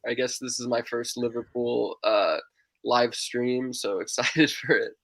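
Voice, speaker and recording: A man's voice: medium pitch, fairly even intonation, measured pace, vocal fry, fairly bright tone, no room sound. A man, a guest analyst, upbeat and talking in a casual chat. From United States.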